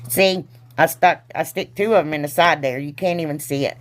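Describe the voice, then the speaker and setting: A woman's voice: low voice, fairly quick. A woman hosting a crafting tutorial in chatty voice-over, rambling and teasing herself, often trailing off with a giggle and calling her viewers "y'all.". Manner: loose and giggly, trails off mid-sentence. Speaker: craft channel host.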